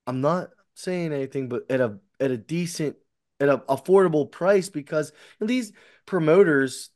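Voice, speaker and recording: A man's voice: on the high side, moderate pace, darkish tone, no room sound, clean studio sound. A man co-hosting a casual podcast, rambling with fillers and restarts. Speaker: podcast co-host. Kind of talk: casual chat.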